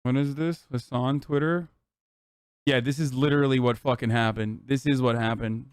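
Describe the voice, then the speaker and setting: A man streaming a casual reaction, ranting in an exasperated, profane and animated way. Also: mid-range voice, a little fast, clear, resonant tone, no echo.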